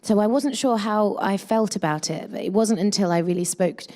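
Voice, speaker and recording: A woman's voice: medium pitch, normal speed, mellow. A woman in her thirties, an actress chatting casually in a press interview, with many fillers and restarts.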